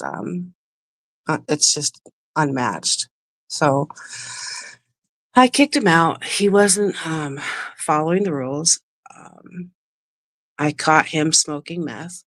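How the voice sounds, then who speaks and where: A woman with a deep, low voice hosts a casual livestream and opens up about personal matters. Her talk rambles with emotion, and she keeps breaking off to greet chat viewers. The sound is dry and close. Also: slow pace, pauses often, dry recording. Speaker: livestream host.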